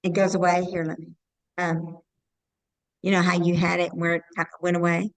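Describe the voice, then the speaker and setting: A woman's voice: fairly low pitch, little pitch movement, moderate pace, rough recording. A woman on a video call in an online class, earnestly explaining her point with examples. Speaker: class participant.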